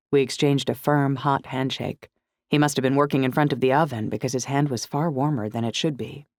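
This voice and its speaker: A woman's voice: very deep voice, fairly even intonation, a little fast, a little mellow, no echo. Woman reading a novel, dry close sound. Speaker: audiobook narrator. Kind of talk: scripted first-person narration.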